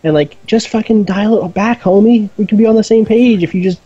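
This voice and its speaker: A man's voice: high-pitched, brisk, husky, no echo. Joking man on a dull lo-fi stream mic. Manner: animated, jokey, swears freely. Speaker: co-host. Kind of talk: casual chat over a game stream.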